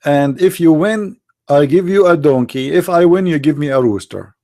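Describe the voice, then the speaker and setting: Male streamer, gravelly voice, higher pitch, sneering rhetorical questions. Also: normal speed, warm tone. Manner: sarcastic, broken grammar, rhetorical taunts. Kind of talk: sarcastic mocking monologue.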